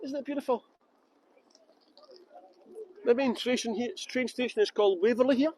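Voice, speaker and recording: A man's voice: very high voice, moderate pace, darkish tone, a little hiss or hum, poor audio. A man with a Scottish accent from Edinburgh, guiding a live-streamed walking tour outdoors on city streets and talking in a jokey, self-mocking, chatty way into a handheld phone. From Scotland.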